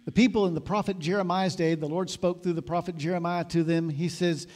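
A pastor delivering a conversational sermon, building to emphatic exhortation. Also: male voice, sits high, fairly even intonation, a little fast, hardly any pauses, darkish tone.

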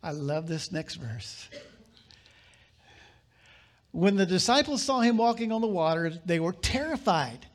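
A male pastor delivering a sermon, reading scripture aloud with dramatic pauses and sudden bursts of emphasis. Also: sits high, expressive.

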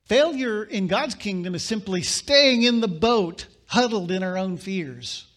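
A male pastor delivering a sermon, reading scripture aloud with dramatic pauses and sudden bursts of emphasis. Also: sits high, animated, a bit bright.

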